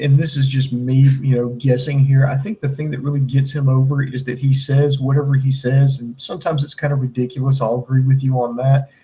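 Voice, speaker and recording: A man's voice: medium pitch, darkish tone, rough recording. A man co-hosting a wrestling podcast, ranting sarcastically in casual, profane chat and mimicking people he mocks. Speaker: podcast co-host.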